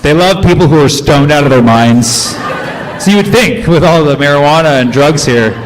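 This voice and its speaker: A fairly high-voiced man on a comedy stage, working the crowd in a loose, riffing way. He keeps tossing quick questions at the audience and builds jokes off the answers, with a faint hiss under the recording. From United States. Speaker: stand-up comedian. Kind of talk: stand-up crowd work.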